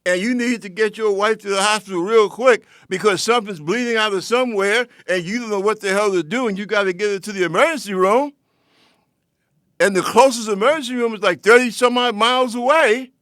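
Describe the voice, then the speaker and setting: High-voiced man delivering a fiery lecture. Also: brisk, a bit bright, no room sound. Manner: lecturing, confrontational, addresses listeners directly. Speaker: political commentator hosting his own show. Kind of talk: impassioned political commentary monologue.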